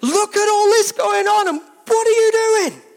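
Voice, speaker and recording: Panicked, shouting fishermen. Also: male voice, big pitch swings, fairly quick, full character voice. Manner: shouting, pleading, high-pitched. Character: terrified fisherman disciples, adult men, panicking.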